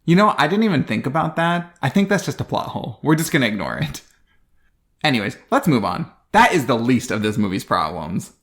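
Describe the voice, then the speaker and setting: A man with a dry, sarcastic sense of humor recaps a trashy horror film for his podcast co-host. His pitch moves a lot as he mocks the plot, and his voice sits in a middle register. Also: very animated, fairly quick, a bit bright. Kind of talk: casual comedic movie recap.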